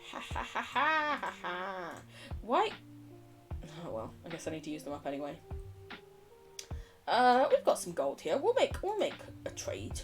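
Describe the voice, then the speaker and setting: A woman's voice: lowish voice, huge pitch swings, normal speed, pauses often, darkish tone, soft background music. A young British woman chatting casually on a gaming livestream, wandering off on tangents and laughing often. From United Kingdom. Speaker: streamer.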